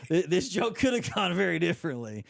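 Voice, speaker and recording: A man's voice: high voice, big pitch swings, fairly quick, vocal fry, no echo. A man in his thirties co-hosting a podcast, telling stories and jokes in a playful, laughing way. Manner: playful, laughing, retells jokes with quiet storytelling voice. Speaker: podcast co-host. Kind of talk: casual chat.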